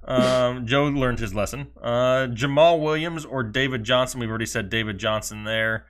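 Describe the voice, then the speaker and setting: A man's voice: mid-range voice, a bit bright. A man co-hosting a live fantasy football stream, reading out viewer questions and joking along casually. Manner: joking, reads viewer questions aloud quickly. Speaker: fantasy football show co-host.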